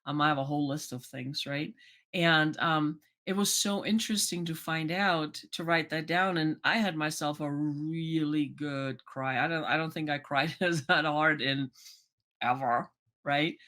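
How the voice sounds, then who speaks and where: Life coach, casual vlog, chatty, "you know" and "right?" fillers, mid-pitched voice. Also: unhurried. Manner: acts out remembered conversations in lively voices. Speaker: life coach and channel host.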